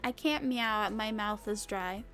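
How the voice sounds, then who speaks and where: A woman's voice: mid-range voice, a little slow, music in the background. A woman VTuber chatting casually with her stream chat in a playful, giggly way, slipping into sing-song bits now and then. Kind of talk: casual live-stream chat reading comments.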